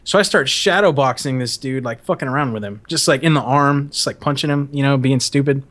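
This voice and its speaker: A man's voice: mid-range voice, brisk, fairly bright tone. A man hosting a podcast, telling rambling, profane stories in a casual chat and laughing as he goes. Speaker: podcast host.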